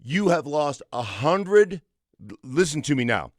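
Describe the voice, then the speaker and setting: A man's voice: a little high, sing-song, a little slow, dry recording. A man in his fifties, a former football player and radio co-host, talking sports with emphatic conviction in a studio. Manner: emphatic, tells stories with conviction.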